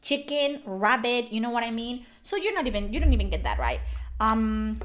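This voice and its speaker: A Spanish woman streamer, a native Spanish speaker with a Spanish accent, comments on a game in an animated, emphatic, exasperated way and swears freely. Her voice is a little high and her pace moderate.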